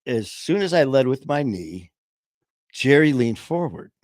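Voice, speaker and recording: A man hosts a casual streamed talk show and tells stories in a loose, rambling way. He pads his talk with fillers, swears now and then, and laughs along at his own tales. His voice sits at an ordinary pitch for a man, recorded close and dry. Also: sing-song, a little slow, a little mellow, dry recording. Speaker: podcast host. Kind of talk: casual storytelling chat. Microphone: home streaming setup.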